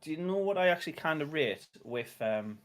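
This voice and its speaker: A man's voice: on the high side, lively intonation, a little fast. A man with a Sunderland accent hosting a casual football watch-along stream, chatting loosely with viewers and laughing often. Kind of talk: casual live-stream chat.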